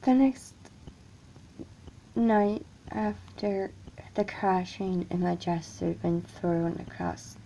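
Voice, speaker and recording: Halting, frightened woman telling a story. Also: mid-range voice, creaky, warm tone, a little hiss or hum, low-quality recording. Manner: halting, frightened, often dropping to a whisper. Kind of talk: first-person horror story narration.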